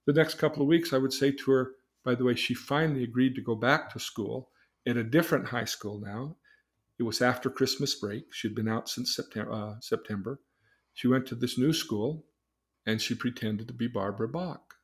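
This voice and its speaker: Older male therapist and podcast host, mid-pitched, chatty storyteller who acts out dialogue. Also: moderate pace. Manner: conversational, acts out dialogue in different voices.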